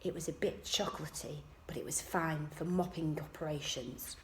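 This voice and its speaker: Teacher reading a story softly. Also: female voice, low-pitched, steady tone, moderate pace, few pauses, slight background noise. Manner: soft, quiet first-person narration. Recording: echoey room.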